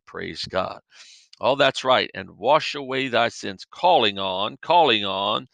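A man's voice: lowish voice, expressive, slow, vocal fry, a bit bright, dry recording. A middle-aged man host preaching a podcast sermon, fervent and emphatic with exclamations.

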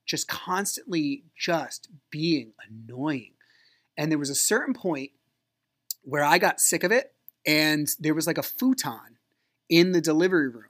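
A man's voice: fairly high pitch, a bit bright. Man candidly telling his own story. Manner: candid, frank and aggrieved. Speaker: podcast host. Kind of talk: personal storytelling monologue.

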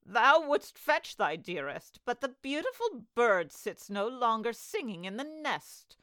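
A woman reads out a scornful, cruel old enchantress from a storybook, loud and slow with a raised, mocking voice that swoops up and down. The delivery is close and dry. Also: fairly high pitch, big pitch swings, clear, resonant tone, no room sound, pitched above the performer's own voice, full character voice.

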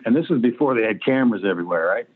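A man's voice: fairly low pitch, animated, rapid-fire. Man in his sixties on a phone line. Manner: blunt, profane anecdotes with acted-out quotes. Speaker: guest, former pro quarterback. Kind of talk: storytelling interview.

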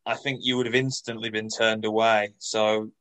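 A man co-hosting a podcast in casual chat, measured and dryly teasing. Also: lowish voice, flat delivery, a bit bright, low-quality recording. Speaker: podcast co-host.

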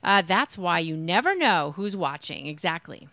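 A woman's voice: on the low side, very animated, moderate pace, sharp tone, no echo. A female radio co-host in upbeat morning banter, reading out listener messages.

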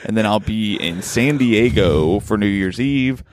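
A man with a lowish voice hosting a podcast in a casual, rambling way, swearing freely as he talks. The sound is dry and close, with no room ring. He rushes through long lists, piling on restarts as he goes. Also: dry recording. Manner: loose, rambling, swears often. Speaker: podcast host. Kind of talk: casual chat.

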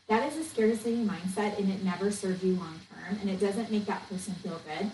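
Speaking a little fast with hardly any pauses, the woman uses a dark, mid-range voice as she passionately and bluntly vents and coaches on her solo podcast, frequently asking "okay?" She's a network marketing coach, recorded on a distant mic in an echoey room with faint noise.

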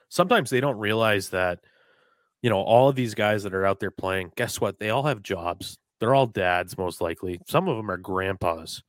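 Lower-voiced joking male podcast host. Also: no echo. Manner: joking, animated, swears freely. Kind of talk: casual podcast chat.

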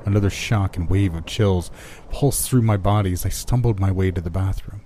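A man narrating a horror story in a measured, dramatic way. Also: deep voice, warm tone, slight background noise.

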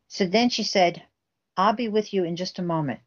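A woman's voice: lowish voice, moderate pace, dull audio. A woman guest telling a family story intensely, acting out the quoted dialogue herself. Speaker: guest recounting a family case. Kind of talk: emotional storytelling interview.

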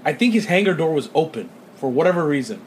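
A young American man with a high, very lively voice, co-hosting a podcast and telling a story with plenty of swearing. He acts out the lines of the people in his story. Faint noise sits under the recording. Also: quick pace. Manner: animated storyteller, swears a lot, acts out quotes. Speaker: podcast co-host. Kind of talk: casual podcast chat.

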